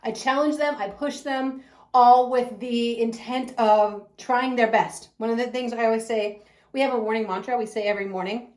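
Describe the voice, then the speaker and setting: Bubbly preschool teacher, woman, fairly high voice, gushing, echoey room. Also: normal speed, darkish tone. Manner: effusive, gushing, laughs often. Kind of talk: enthusiastic promotional talk.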